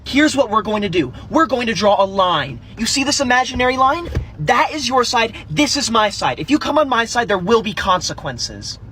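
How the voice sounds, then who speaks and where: A woman's voice: on the high side, animated, normal speed, a bit bright, slight background noise. A woman playing a self-righteous, tattling know-it-all schoolgirl in a comedy skit. She talks in a whiny, overdramatic way. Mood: smug.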